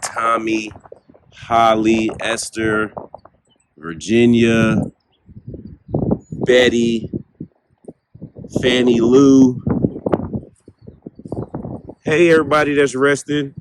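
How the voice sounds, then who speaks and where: A man, ghost hunting in a windy cemetery, slowly calling out names and talking to spirits. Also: mid-range voice, steady tone. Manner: slow, reads out gravestone names, talks to spirits. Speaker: paranormal vlogger. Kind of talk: casual ghost-hunting vlog. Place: cemetery outdoors at night, windy. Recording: loud wind noise outdoors.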